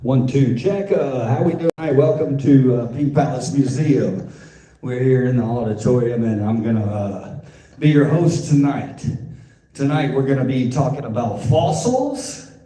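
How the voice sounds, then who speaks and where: A man putting on a loud, hammy DJ-style announcer voice to play the evening's host in a big auditorium. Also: mid-range voice, lively intonation, unhurried, close to an everyday voice. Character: mock male radio-DJ-style host announcer. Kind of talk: mock stage announcement. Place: large indoor museum auditorium. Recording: echoey auditorium.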